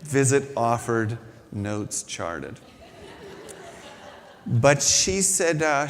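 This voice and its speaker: A man's voice: mid-range voice, sing-song, very slow, long pauses, a faint crowd, a little hiss or hum. A man giving a reflective spiritual talk, telling a personal story with self-deprecating humor. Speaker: spiritual speaker. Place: large hall at a spiritual center. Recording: long reverb in a hall.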